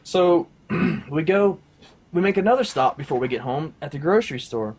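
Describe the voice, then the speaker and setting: A man sharing a faith testimony in casual talk, rambling with lots of fillers and his voice jumping high and loud at the exciting parts. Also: moderate pace, slightly rough. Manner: rambling storyteller, many fillers like "you know" and "like".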